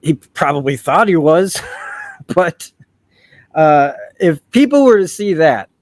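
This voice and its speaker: A man's voice: a little high, lively intonation, slow, no room sound. Rambling, profane man reviewing a series. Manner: rambling, profane, with self-correcting restarts. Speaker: video essay host. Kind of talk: casual review commentary.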